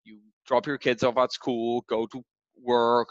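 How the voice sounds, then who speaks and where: A man's voice: medium pitch, level tone, a little slow, no room sound. A young man coaching a trainee on cold calling, acting out phone calls in different voices to make his points. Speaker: sales trainer. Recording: dull, slightly lo-fi dry sound.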